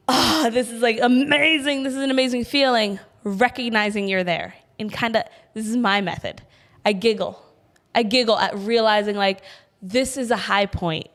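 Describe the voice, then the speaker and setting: A young woman co-hosts a podcast with lively, giggly energy. Her voice sits at a middle pitch, and she talks as if she is picturing every scene she describes. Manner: animated, giggly, visual storyteller. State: pregnant. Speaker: podcast co-host. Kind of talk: casual chat.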